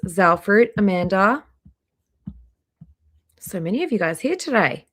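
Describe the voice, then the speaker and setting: A chatty woman runs a casual live stream from her laptop, greeting her viewers by name one after another. Her voice sits at an ordinary middle pitch and is a touch hoarse, and she clears her throat now and then. She talks close to a laptop microphone indoors. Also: lively intonation, takes it slowly, pauses often. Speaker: livestream host. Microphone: laptop microphone near trackpad.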